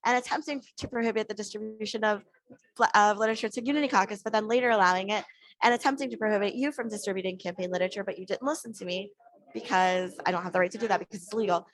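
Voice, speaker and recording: A woman's voice: mid-range voice, rapid-fire, no room sound. A woman telling a story on a podcast, acting out the lines of the people she quotes. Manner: animated, acts out quoted dialogue. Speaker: podcast guest. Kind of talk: casual storytelling.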